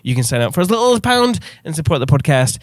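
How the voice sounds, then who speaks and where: Male podcast host, bright and animated, slightly high voice, dry close sound. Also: racing, dry recording. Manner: excitable, swears freely, laughs often. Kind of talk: casual podcast chat.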